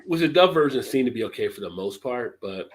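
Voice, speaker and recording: A middle-aged man with a low voice chatting on a live stream, telling animated stories and laughing often. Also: quick pace, rough recording. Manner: laughs often, animated storytelling with put-on quotes. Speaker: beer channel live stream co-host. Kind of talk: casual live-stream chat.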